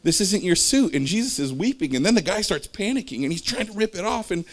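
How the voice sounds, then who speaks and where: High-pitched, expressive and fast, a man rambles through an informal religious talk. He leaps from story to personal story and back, talking conversationally with frequent fillers.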